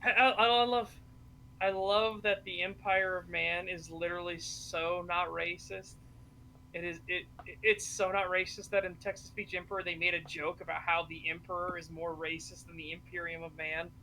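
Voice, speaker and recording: A man co-hosting a casual stream chat, excitable and swearing freely. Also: high voice, normal speed, a little hiss or hum, poor audio. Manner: excitable, swears freely, laughs while retelling. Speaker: stream co-host.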